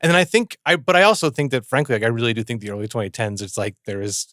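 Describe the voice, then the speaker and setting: A male podcast guest talks quickly and loosely, piling up "like" and "you know" as he tells a story. His voice sits in a middle register and sounds close and dry. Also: medium pitch, a bit bright, dry recording. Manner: chatty, storytelling, many fillers. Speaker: podcast guest and host of a series. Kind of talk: casual chat.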